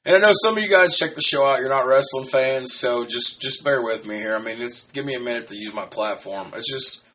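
Brief: thirties male podcast host, solo ramble, loose and profane, mid-pitched. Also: a little fast, few pauses, sharp tone, a little hiss or hum. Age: 30s.

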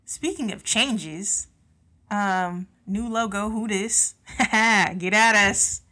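A woman from California co-hosting a podcast in casual chat, with a Southern country twang that slips into her speech; lively, profane and quick to laugh. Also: mid-range voice. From San Jose, California. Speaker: podcast co-host.

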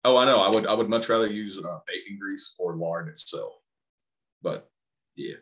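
Laid-back lower-voiced Southern man. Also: moderate pace, fairly bright tone. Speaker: podcast co-host. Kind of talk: casual chat.

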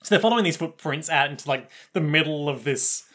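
A man's voice: fairly high pitch, quick pace. A man co-hosting a casual podcast, retelling an anime episode with laughs and acted-out lines. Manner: animated retelling, acts out characters' lines with laughs. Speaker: podcast co-host. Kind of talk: casual anime recap chat.

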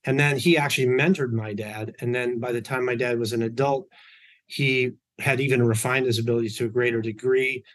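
A man's voice: medium pitch, steady tone, a little fast, fairly bright tone. A man being interviewed, telling personal stories in a chatty way, often correcting himself mid-sentence. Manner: chatty, anecdotal, with self-corrections. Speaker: podcast guest. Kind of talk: storytelling in an interview.

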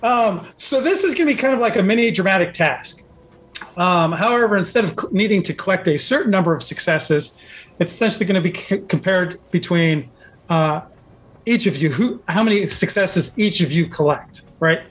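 High-voiced male game master, loose and rambling delivery. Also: animated, moderate pace, fairly bright tone. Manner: rambling, with many fillers and restarts. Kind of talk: narrating a tabletop game.

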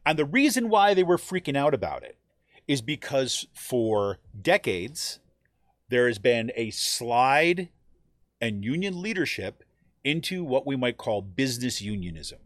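A man's voice: medium pitch, no echo, studio quality. Man explaining casually, checking in with "right?". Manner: conversational, frequent "right?" check-ins, animated quoting. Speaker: teacher and union member. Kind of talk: explanatory talk.

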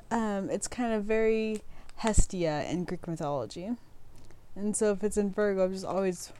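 Chatty woman with a smooth, clear voice. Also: mid-range voice, darkish tone. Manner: chatty, reads aloud and trips over words, swears casually. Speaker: podcast host. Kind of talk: casual astrology chat, reading aloud.

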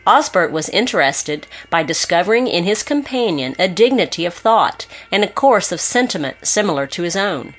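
A woman narrating an old gothic novel aloud, with a measured and expressive reading that lifts for emphasis. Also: fairly low pitch, faint music behind. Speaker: audiobook narrator.

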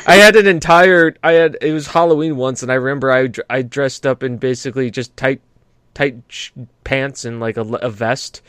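A man's voice: medium pitch, normal speed, a bit bright, smooth, no room sound, clean studio sound. A man co-hosting a gaming podcast in casual chat, rambling through stories, swearing freely and laughing often. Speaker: podcast co-host.

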